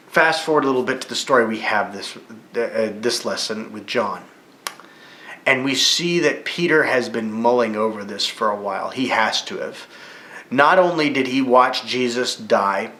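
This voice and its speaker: Man teaching a lively Bible lesson. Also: mid-range voice. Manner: vivid retelling, rising excitedly at key moments. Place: church room. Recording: echoey room.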